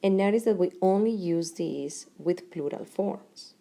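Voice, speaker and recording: In this Spanish grammar lesson given in English, a middle-aged woman speaks deliberately, pausing between short phrases. She has a fairly low, mellow voice with vocal fry.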